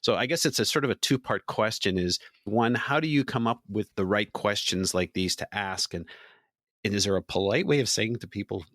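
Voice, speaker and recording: A man with a very deep voice co-hosts a podcast conversation. He mixes wry personal asides into his questions. The sound is dry and close. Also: fairly quick, a bit bright, dry recording. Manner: candid, wry.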